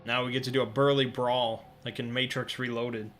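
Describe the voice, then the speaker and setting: Bright-voiced man commenting on a game. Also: medium pitch, little pitch movement, fairly quick, faint music behind. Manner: reads game text aloud, jokes about his own accents. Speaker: let's play host. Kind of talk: gameplay commentary.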